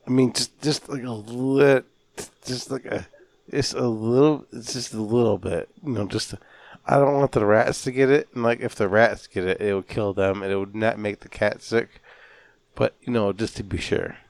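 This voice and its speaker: A man making a prank phone call, rambling deadpan with lots of filler words. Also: on the low side, normal speed, gravelly, no echo. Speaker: prank caller.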